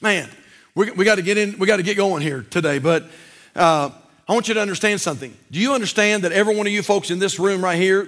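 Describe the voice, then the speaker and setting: Male pastor, church sermon: very high, bright tone, emphatic delivery with sudden low intense drops. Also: a little fast. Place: church service.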